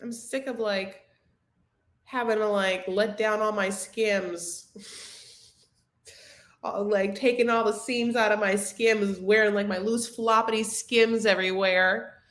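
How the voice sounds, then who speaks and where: A woman's voice: medium pitch, fairly even intonation, slow, a bit bright, roomy sound. A young adult woman hosting a casual live recap chat, gossipy and rambling, heavy on filler words. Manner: chatty, gossipy, lots of "like" fillers. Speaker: show recap host.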